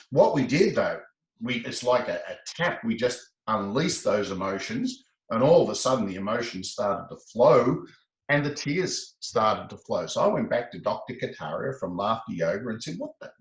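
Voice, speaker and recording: A man, a laughter specialist being interviewed, telling stories in an animated way and acting out the voices in quoted exchanges. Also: echoey room, poor audio. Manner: expressive, acts out quoted exchanges with rising pitch. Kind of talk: animated conversational storytelling.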